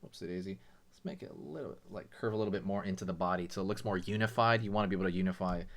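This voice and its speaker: A man's voice: low-pitched, racing. A man hosting a drawing lesson, talking casually and explaining each step with lots of "you know" and "right". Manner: relaxed, chatty, many fillers like "you know" and "right". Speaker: drawing tutorial host.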